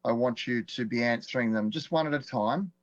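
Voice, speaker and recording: An Australian man teaching a live online class in a chatty, relaxed way, quizzing viewers and chuckling often. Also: mid-range voice, a little fast, no echo. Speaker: online course instructor. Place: indoors at a desk with screens. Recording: dull, dry lo-fi stream audio.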